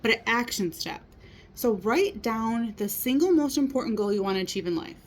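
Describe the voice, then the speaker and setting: A woman's voice: a little high, moderate pace, a little hiss or hum. A woman in her thirties giving a casual motivational talk, earnest and encouraging, often checking in with her listeners. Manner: earnest, encouraging, many rhetorical "right?" asides. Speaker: motivational speaker.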